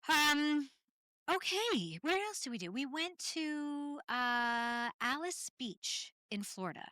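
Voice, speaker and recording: A chatty Canadian woman hosts her own podcast, telling loose, laughing solo stories full of ums and tangents. Her high, sing-song voice is bright and forward, slow-paced, on a close mic in a dry room with no echo.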